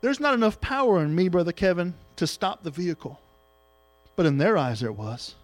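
A middle-aged preacher with a drawl delivers an emotional sermon, rising to loud cries and sinking to soft, tender near-whispers. His voice sits high for a man. The sound is dry and close, with faint music underneath. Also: lively intonation, moderate pace, dry recording. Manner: emotional, swings from loud exhortation to hushed tenderness.

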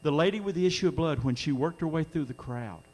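A man's voice: a little high, lively intonation, fast, a little mellow. A middle-aged man preaching a sermon in a church, earnest, his voice swelling when he quotes scripture. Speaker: pastor. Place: church sanctuary during a live-streamed service.

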